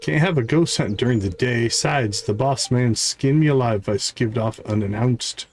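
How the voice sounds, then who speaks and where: A man streaming a farming game, reading its character dialogue aloud with varied voices and adding quick asides. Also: mid-range voice, slight background noise.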